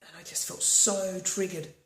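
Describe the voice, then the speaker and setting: A woman's voice: medium pitch, little pitch movement, measured pace. A woman from Australia leading a guided tapping session, talking earnestly and repeating affirmations. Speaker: tapping practitioner. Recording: echoey room.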